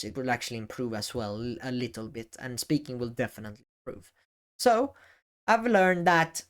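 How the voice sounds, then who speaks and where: A man talking to the camera in a casual advice vlog, often halting and correcting himself as he goes. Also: medium pitch. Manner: halting, self-correcting, varies emphasis. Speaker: YouTube creator. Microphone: camera facing speaker.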